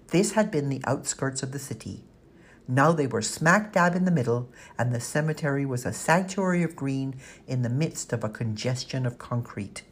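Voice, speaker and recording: Husky, low-voiced woman narrating a story. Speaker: audiobook narrator. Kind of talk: scripted narration.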